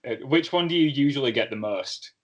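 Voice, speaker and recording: A man's voice: mid-range voice, animated, a little fast, fairly bright tone, lo-fi sound. A man hosting an interview, chatting in a friendly way and giving long setups before his questions. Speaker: podcast host and interviewer. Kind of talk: casual interview chat.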